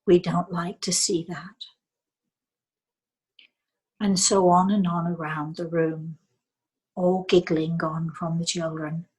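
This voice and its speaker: An older woman from England, a psychic medium telling a story in a soft, slow way that dips into near whispers. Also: deep voice, slightly rough, rough recording.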